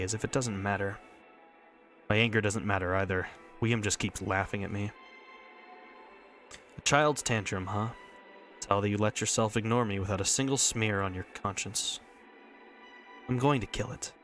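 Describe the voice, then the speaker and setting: A man's voice: on the low side, steady tone, moderate pace, long pauses, a bit bright, faint music behind, natural voice. A man reading a visual novel, voicing a stubborn young girl's intense first-person inner monologue. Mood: obsessive. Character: Michelle, furious stubborn young girl.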